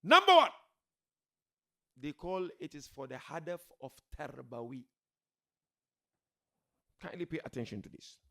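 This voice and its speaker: With long pauses and a creaky, mid-range voice, a man preaches to a gathering at a moderate pace. His tone shifts from soft pleas to shouted emphasis as he asks rhetorical questions and repeats important words.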